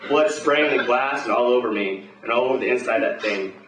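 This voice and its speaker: A man's voice: medium pitch, fairly quick, a bit bright, echoey room, distant mic, a little hiss or hum, low-quality recording. Swaggering man reading pulp live. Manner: swaggering tough-guy narration, profane. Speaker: performer at an open reading. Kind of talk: hard-boiled pulp story read aloud live.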